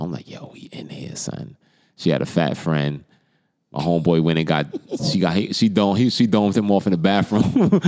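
A man's voice: sits low, a little mellow. A man with a New York accent in his thirties, co-hosting a podcast and telling a story in casual chat, acting out the lines of the people in it. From the Bronx, New York. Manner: laid-back storyteller, acts out quoted lines. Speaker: podcast co-host.

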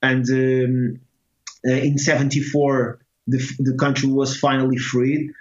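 A man from Portugal with a Portuguese accent, telling a personal story in casual talk, halting with many restarts and fillers. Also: medium pitch, flat delivery. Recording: echoey, muffled room sound.

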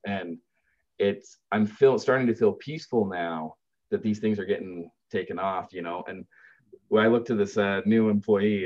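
A man's voice: fairly low pitch, normal speed. A man who runs a business helping grieving families, telling stories earnestly and lifting his voice when he quotes others. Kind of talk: storytelling in conversation. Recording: dull lo-fi sound.

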